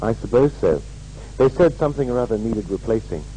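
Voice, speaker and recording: A man playing a gloomy man whose car broke down, in a scripted language-course dialogue, with a plain, measured delivery. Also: medium pitch, expressive, dark tone, a little hiss or hum, natural voice, poor audio. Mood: glum.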